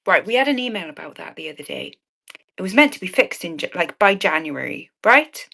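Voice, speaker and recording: A woman's voice: on the low side, big pitch swings, fairly quick, creaky, pushed and bright. A woman selling earrings on a live stream, chatting cheekily with viewers and swearing with a laugh. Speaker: online auction seller.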